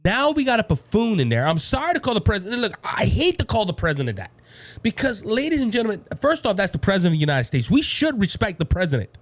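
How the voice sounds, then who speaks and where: A fired-up Cajun man hosting a political talk show. His pitch sits high and swings widely as he preaches to his listeners. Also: huge pitch swings, fast, no echo. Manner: fired-up, preachy, keeps saying "ladies and gentlemen".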